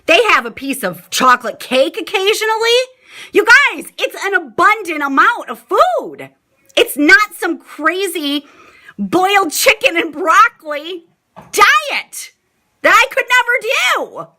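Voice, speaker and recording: A middle-aged woman chatting casually with her viewers on a live stream, gushing and excitable, often addressing them as "you guys". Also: very high voice, a little slow.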